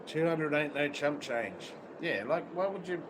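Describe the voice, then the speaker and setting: A man's voice: on the high side, animated, measured pace. Crude, swearing Australian man outdoors. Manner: crude, blunt, swears constantly. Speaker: livestream host. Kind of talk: casual unfiltered livestream chat. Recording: outdoor street noise with traffic.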